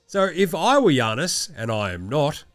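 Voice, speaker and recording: A man hosting a casual, sweary sports commentary show, full of sarcastic, animated rants. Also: fairly high pitch, normal speed, no echo, soft background music. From Australia. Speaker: podcast host.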